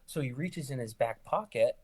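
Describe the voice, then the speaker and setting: Young guy, er nurse on a podcast, tells stories lively, mid voice, does the voices of people he quotes. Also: normal speed, slightly rough. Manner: animated, acts out quoted lines with rising pitch. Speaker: ER nurse guest. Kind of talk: casual storytelling.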